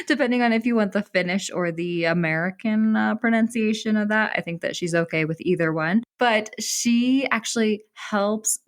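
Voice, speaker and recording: A woman opens her podcast episode in a bubbly, chatty voice. She talks in a loose, friendly way, full of casual fillers, at an ordinary pitch for a woman. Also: expressive, moderate pace. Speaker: podcast host. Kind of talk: upbeat podcast intro.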